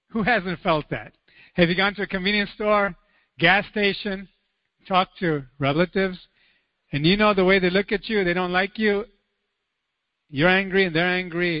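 A male pastor preaching a sermon, telling stories in an animated way and acting out the voices with sudden high cries. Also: dry recording, in a large hall, highs cut off.

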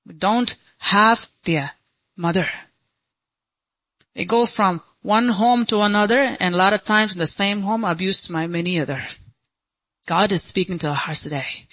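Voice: medium pitch, unhurried, a bit bright, no echo, poor audio. A pastor preaching a sermon with impassioned, repeated rhetorical questions.

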